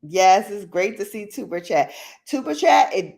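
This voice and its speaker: Lively, animated woman chatting casually. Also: mid-range voice, unhurried, gravelly. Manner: animated, playful, slangy, acts out quotes. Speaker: livestream host. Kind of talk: casual late-night chat with live viewers.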